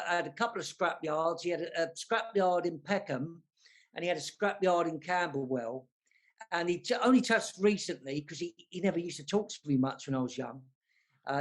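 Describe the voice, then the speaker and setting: Chatty sixty-something London man on a video call. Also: on the high side. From South London. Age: 60s. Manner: chatty, self-deprecating, many restarts. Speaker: panel guest. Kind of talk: casual panel chat over a video call.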